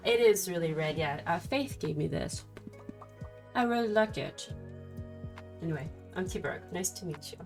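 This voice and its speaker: A woman with a somewhat low voice chats casually through a livestream as she works through tarot cards. She greets her viewers affectionately. Quiet music plays faintly in the background. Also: expressive, normal speed, long pauses. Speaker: streamer reading tarot cards.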